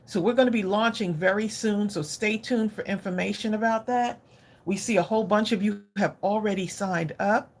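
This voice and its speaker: A woman's voice: medium pitch, moderate pace. A middle-aged woman hosting a crafting livestream, chatting effusively and directly with her viewers. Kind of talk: casual live chat with viewers.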